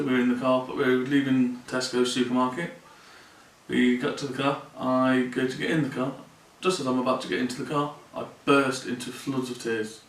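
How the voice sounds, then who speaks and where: A man talking earnestly and plainly in a personal vlog from his mother's home, often repeating his phrases. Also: mid-range voice. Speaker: vlogger. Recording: roomy sound from a distant mic.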